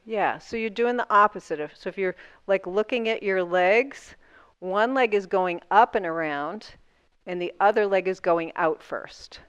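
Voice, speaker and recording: A woman's voice: medium pitch, measured pace, smooth, no echo, lo-fi sound. A woman instructor guiding a seated yoga class, talking through each movement step by step in an encouraging way.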